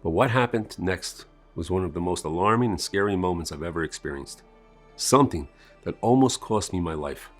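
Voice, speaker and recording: Lowish male voice telling a dramatic ad story. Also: expressive, a little fast. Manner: dramatic storytelling with strong swings in pitch and volume. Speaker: ad narrator. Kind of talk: scripted first-person sales narration. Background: faint music.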